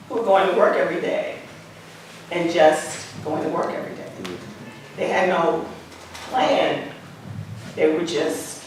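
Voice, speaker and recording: A woman's voice: on the low side, a bit bright. Lady in her 60s telling stories, repeats herself for emphasis, mic far off, noisy background. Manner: repeats phrases for emphasis, acts out quoted dialogue. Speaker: museum founder sharing life lessons. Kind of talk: earnest conversational storytelling. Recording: echoey room, mic far off, background noise.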